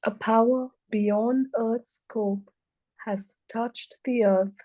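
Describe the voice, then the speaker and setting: A woman reading verse aloud in a measured way, pausing often between short phrases. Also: mid-range voice, warm tone, poor audio. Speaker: student reader. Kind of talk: slow poetry reading.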